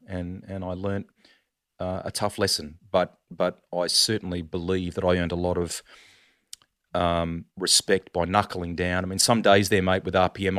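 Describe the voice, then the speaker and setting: A middle-aged Australian man telling animated stories in a casual podcast chat, calling the host "mate" a lot. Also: deep voice, no echo, clean studio sound. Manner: animated storyteller, says "mate" often. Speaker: sports broadcaster, guest.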